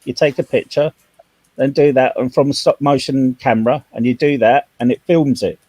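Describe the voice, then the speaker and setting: Man, casual panel talker, joke-teller, mid-pitched voice, dry. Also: moderate pace, dark tone, no echo. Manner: tells long jokes with acted-out dialogue. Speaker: panel participant. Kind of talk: casual chat.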